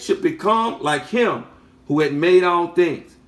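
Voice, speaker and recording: Male preacher with a fairly high voice, teaching from scripture, echoing his own lines and posing questions to the listeners. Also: lively intonation, slow, a bit bright. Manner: repeats phrases for emphasis, asks rhetorical questions. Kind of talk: sermon teaching.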